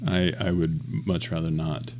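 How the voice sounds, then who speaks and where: A man co-hosting a podcast, talking in a relaxed, hesitant way that trails off. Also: rumbling low, unhurried. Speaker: podcast co-host. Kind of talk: casual chat.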